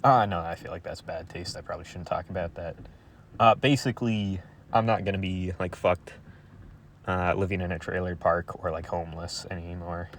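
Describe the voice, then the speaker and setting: A young man talking to his viewers in a crude, rambling monologue, halting with many fillers. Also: sits low, steady tone, gravelly, slight background noise.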